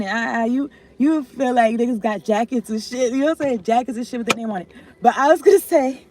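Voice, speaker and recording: A woman's voice: a little high, fairly quick, darkish tone, soft background music. A woman giving a loose, rambling tarot reading, swearing and often trailing off. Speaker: tarot reader.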